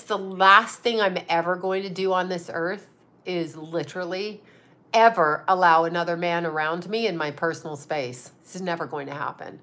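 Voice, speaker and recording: A woman's voice: medium pitch, fairly bright tone. A middle-aged woman hosting a casual livestream chat as a psychic medium, blunt and sarcastic, swearing freely. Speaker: psychic medium and astrologer host.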